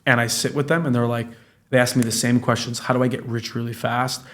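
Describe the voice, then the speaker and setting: Talking fast in a mid-range voice, a real estate business owner in his late twenties guests on a casual podcast. His storytelling is animated and profane, and he acts out what other people said in the stories he recounts.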